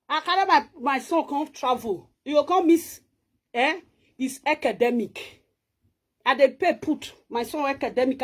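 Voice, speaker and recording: A woman's voice: sits high, a bit bright. A woman with a Nigerian Pidgin accent, chatting boastfully in a casual home-tour video and laughing often. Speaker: vlogger.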